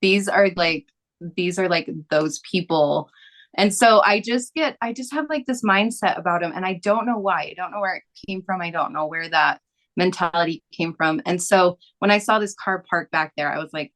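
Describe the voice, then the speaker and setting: A woman's voice: fairly low pitch, brisk, fairly bright tone. A young adult woman, a massage therapist, telling a story casually as a podcast guest, rambling with lots of filler words.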